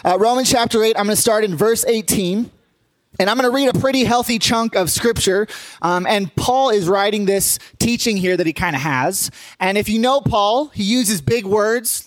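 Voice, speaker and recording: A man's voice: sits high, dry recording. A young man, a pastor, giving a casual sermon that talks to the congregation and jokes with it. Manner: casual, joking, speaks to the congregation.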